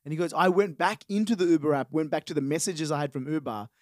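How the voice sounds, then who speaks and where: Fast-talking guy telling a story. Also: a little high, no echo, clean studio sound. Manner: animated, laughing, acts out quoted voices. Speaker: podcast co-host. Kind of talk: casual storytelling chat.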